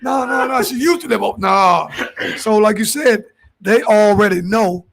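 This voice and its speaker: A man, co-hosting a podcast in loud, profane, animated casual chat. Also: sits high, measured pace, gravelly. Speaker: podcast co-host.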